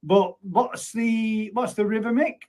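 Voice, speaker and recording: A man's voice: high voice, a little slow, darkish tone. A man hosting a casual live chat about ponds, talking freely and bantering with viewers. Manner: chatty, reads out viewer comments with banter. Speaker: host of live pond chat.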